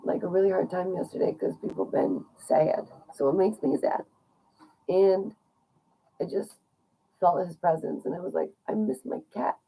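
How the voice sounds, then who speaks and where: A woman's voice: lowish voice, dark tone, rough recording. A young woman talking casually to her viewers, chatty and encouraging, often laughing between points. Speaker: vlogger. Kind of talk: casual talk to viewers about loneliness.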